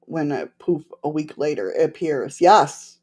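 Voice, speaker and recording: A woman's voice: deep voice, lively intonation, a little slow, mellow, husky. A woman with a slight lisp, hosting a livestream and chatting casually with her viewers in a rambling, laughing way. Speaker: livestream host.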